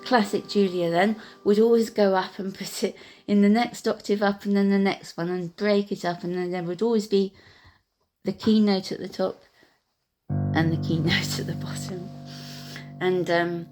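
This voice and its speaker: A woman and piano teacher gently recalling her own learning, talking hesitantly with many pauses and fillers. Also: medium pitch, steady tone. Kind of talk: reflective personal storytelling. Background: piano music.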